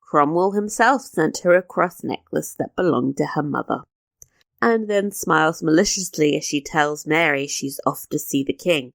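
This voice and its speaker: A woman's voice: low-pitched, normal speed, creaky, no room sound. A woman co-hosting a podcast, recapping a TV episode in casual chat with sarcastic asides. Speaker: podcast co-host.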